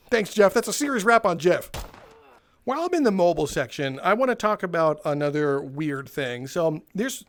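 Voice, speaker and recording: A man with a notably high voice spins casual workplace stories while he plays a game. He talks in an animated way and breaks into laughter at his own punchlines. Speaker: gaming video host.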